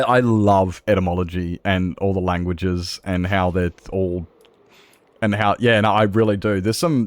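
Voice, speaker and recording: A man's voice: fairly low pitch, no echo. A man chatting casually on a gaming livestream, swearing freely and laughing often. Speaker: streamer.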